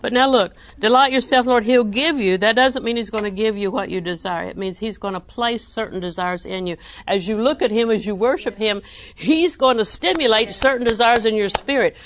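A woman preacher, delivering a sermon with animated emphasis that rises to near-shouting. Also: medium pitch, fairly quick, hardly any pauses.

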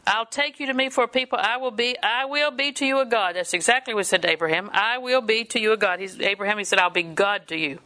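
An older woman delivers a sermon in a bright, forward voice. She mixes homely family stories with scripture and laughs easily as she talks. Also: mid-range voice, quick pace, hardly any pauses. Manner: folksy storytelling, laughs often. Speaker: preacher.

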